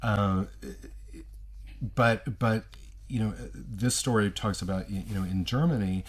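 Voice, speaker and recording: A man's voice: fairly low pitch, unhurried, a little hiss or hum. A man from Texas, co-hosting a casual radio talk show and chatting with hesitant restarts. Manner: chatty, repeats words when starting, hesitant restarts. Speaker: radio co-host.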